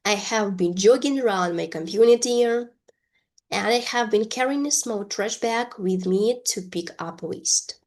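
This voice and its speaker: A woman leads an online English lesson in a medium-pitched voice. She reads each example sentence slowly and deliberately and explains it with care. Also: a little mellow. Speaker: English teacher.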